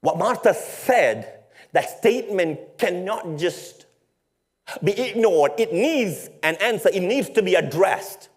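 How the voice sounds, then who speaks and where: Male pastor, sermon, unhurried delivery, fairly high voice, rhetorical and playful with the congregation.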